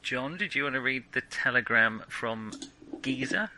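A man's voice: mid-range voice, expressive, normal speed, bright, forceful tone, rough recording. A man running a tabletop horror game as game master, talking casually with lots of ums and restarts. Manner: casual, hesitant with fillers.

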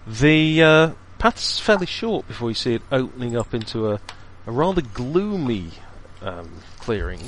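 A man running a tabletop game, describing scenes in measured phrases with thoughtful pauses. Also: mid-range voice, sing-song, fairly bright tone, a little hiss or hum. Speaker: game master.

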